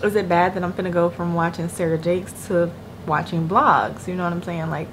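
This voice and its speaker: A woman's voice: on the low side, steady tone, fairly quick. Young woman vlogger, chatty and slangy, casual to-camera talk from bed, noticeable room noise behind her. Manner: chatty, slangy, addresses viewers as "y'all". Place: at home in bed. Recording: noisy room ambience behind voice.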